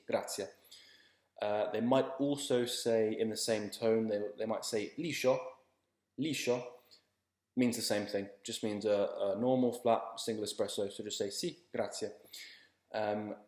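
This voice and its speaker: A man's voice: fairly low pitch, brisk, hardly any pauses. Easygoing man in an echoey room. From England. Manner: relaxed, chatty, reassuring, repeats words. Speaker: language teacher. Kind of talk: casual spoken lesson.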